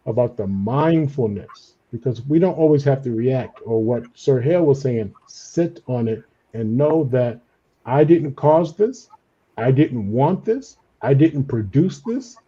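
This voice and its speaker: A man on a discussion panel, explaining his ideas in an animated way and acting out the inner voices he quotes. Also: medium pitch, husky, muffled recording. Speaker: panelist on a trauma and healing talk. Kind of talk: conversational explanation.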